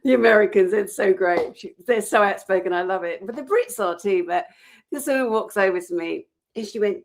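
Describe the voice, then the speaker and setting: A woman's voice: mid-range voice, a little fast. Outspoken woman in casual chat. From Britain. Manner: passionate, outspoken, animated storytelling. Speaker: co-host.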